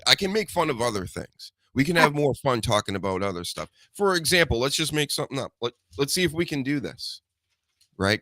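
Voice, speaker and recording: Animated, profane male podcast host. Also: medium pitch, no echo. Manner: animated, profane, jumps into mocking voices. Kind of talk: casual podcast chat.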